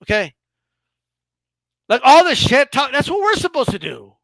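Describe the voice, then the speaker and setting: A man hosting a casual boxing talk show, ranting in an animated, profane and mocking way. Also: very high-pitched, moderate pace, vocal fry, no echo. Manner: animated, profane, mocking, frequent laughs and "bro". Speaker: boxing commentator host.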